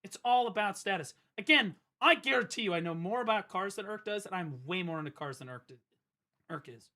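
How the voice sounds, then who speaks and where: A man streaming live in a casual, profane rant, jumping from loud outbursts to low mutters. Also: animated, a little fast.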